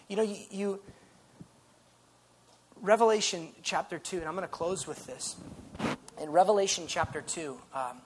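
A man preaching a sermon in an earnest, conversational way, dropping soft and then rising loud. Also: sits high, moderate pace, pauses often. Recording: faint background noise.

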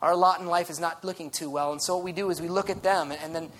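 A man, a pastor, preaching a sermon in a lively, conversational way with frequent restarts. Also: fairly high pitch, quick pace, a little hiss or hum.

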